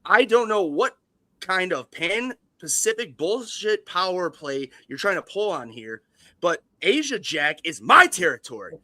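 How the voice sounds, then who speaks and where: A screaming, foul-mouthed male studio boss, as a man puts him on, ranting threats in a raised, bright and forceful voice. The sound is dry and close. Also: high-pitched, big pitch swings, measured pace, no room sound, full character voice. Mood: threatening, ranting. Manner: loud, threatening rant.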